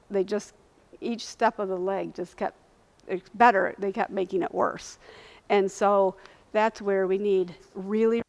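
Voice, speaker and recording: A woman speaking at a lunch talk, earnestly recounting a personal experience and acting out what people said. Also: mid-range voice. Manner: earnest, animated retelling, acting out quoted voices. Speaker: invited speaker sharing lived experience.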